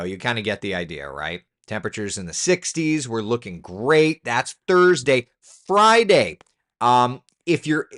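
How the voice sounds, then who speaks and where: A man's voice: mid-range voice, fairly bright tone. A man hosting a casual weather live stream, chatty and joking with viewers as he reads through the forecast. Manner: chatty, talks to the computer in mock frustration.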